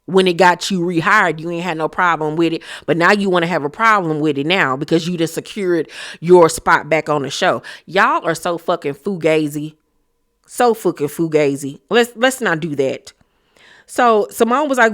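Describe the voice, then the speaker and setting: A woman's voice: lowish voice, animated, normal speed. A young woman recapping reality TV, talking bluntly and heatedly, swearing often. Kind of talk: profane opinionated recap chat.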